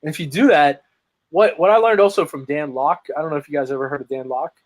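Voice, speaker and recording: On poor audio, a fast-talking man with a somewhat high voice shares his story as a guest on a video call. A lead generation marketer, he speaks with energy and emphasis, often restarting his sentences, in a relaxed interview conversation.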